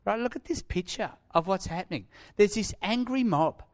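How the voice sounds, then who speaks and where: Male pastor, sermon, lively storytelling, voice a touch high. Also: normal speed. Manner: animated storytelling, swinging from loud to hushed.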